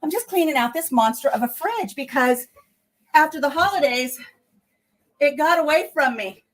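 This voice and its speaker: A woman's voice: high voice, lively intonation, normal speed. Chatty woman livestreaming while cleaning, slightly breathless. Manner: chatty, talks to viewers while working. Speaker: livestream host. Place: home kitchen.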